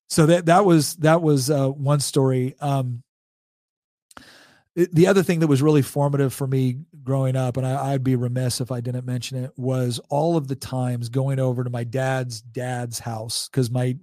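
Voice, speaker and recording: A man's voice: mid-range voice, steady tone, moderate pace, dark tone, no room sound. Chatty man in his forties, dry sound. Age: 40s. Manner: chatty, laughs often, restarts sentences. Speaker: podcast guest. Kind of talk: casual storytelling.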